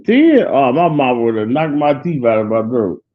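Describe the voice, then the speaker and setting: Guy hosting a show, rambling casual story, mid-pitched voice, tinny phone sound. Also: very animated, moderate pace. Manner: rambling, repeats himself, laughs hard. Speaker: show host.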